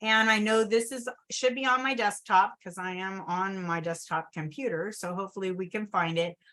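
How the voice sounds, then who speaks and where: A woman's voice: mid-range voice, moderate pace, sharp tone. A woman teaching a screen-share tutorial at her desktop computer. She talks in a chatty way, keeps calling her viewers "you guys" and checks in with "okay?". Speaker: travel agent trainer.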